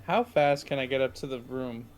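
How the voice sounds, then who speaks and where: A man playing a tabletop game, speaking in a casual, slangy, excitable way. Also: mid-range voice, normal speed, smooth, soft background music. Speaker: player.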